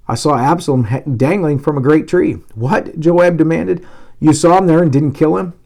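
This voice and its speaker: A male pastor reading a Bible passage aloud, giving the dialogue lively emphasis, with occasional slips and restarts. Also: medium pitch, gravelly.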